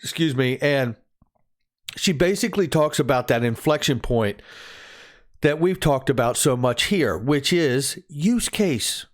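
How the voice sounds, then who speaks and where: A man's voice: mid-range voice, animated, a little slow. A man runs through the day's crypto headlines in a loose, conversational way. He is upbeat and enthusiastic, tossing in jokes and laughing at his own quips as he goes. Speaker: crypto news channel host. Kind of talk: casual crypto news commentary.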